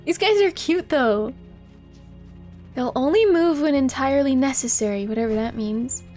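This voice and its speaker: A woman's voice: high voice, moderate pace, darkish tone, soft background music. A woman live-streaming a video game, giggling often and chatting to her viewers as she plays. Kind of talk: live gameplay commentary.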